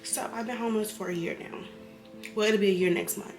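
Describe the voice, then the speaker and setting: Tipsy lady rambling thru a personal vlog, mid-pitched voice, music playing clearly behind her. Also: fairly even intonation, quick pace, roomy sound. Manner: rambling, candid, emotional, sometimes heated. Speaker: vlogger, single mother. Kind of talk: candid personal vlog, emotional storytelling.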